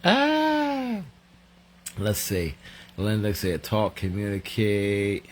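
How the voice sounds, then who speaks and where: A man's voice: low-pitched, animated, slight background noise. A middle-aged man, chatting casually on a live show, joking and laughing as he reads out viewer comments. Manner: joking, laughs often, drawn-out reading aloud. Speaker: co-host of a married couple's live show.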